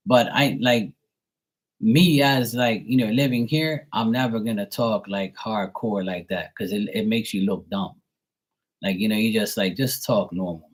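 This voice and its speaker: A young adult man with a Bermudian accent, chatting casually and rambling on a live stream, swearing now and then. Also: mid-range voice. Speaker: live tarot reader.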